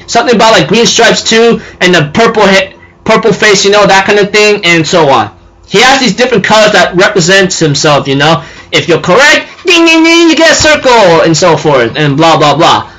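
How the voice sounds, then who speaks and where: A man's voice: high voice, bright, forceful tone, low-quality recording. A man casually recapping an anime episode, rambling with lots of fillers and giggling as he talks. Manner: rambling, full of "you know" and "and so forth"; giggly, laughs while talking. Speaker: anime reviewer.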